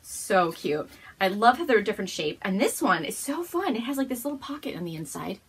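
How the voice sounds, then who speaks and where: A woman's voice: on the high side, big pitch swings, fast, slightly rough. A woman hosting a casual show-and-tell episode at home, gushing and bubbly, often laughing as she talks. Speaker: podcast host.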